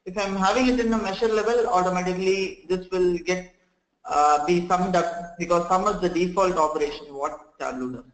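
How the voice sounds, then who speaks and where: High-voiced man teaching software online. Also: fairly even intonation, moderate pace, roomy sound, low-quality recording. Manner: explanatory, repeats "okay" and "friends", many restarts. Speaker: software trainer. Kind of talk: live online training session.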